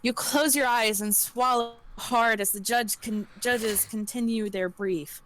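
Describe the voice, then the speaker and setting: A woman's voice: on the high side, a little slow, a bit bright. A woman narrating an interactive story game on a live stream, giggling and stumbling over words as she reads. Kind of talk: reading interactive fiction aloud on a live stream.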